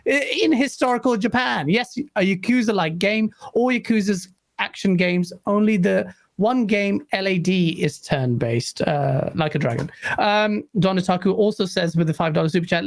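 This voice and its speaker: A woman hosting a live gaming stream, reading viewer messages and ranting excitedly. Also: mid-range voice, normal speed, hardly any pauses. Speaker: host.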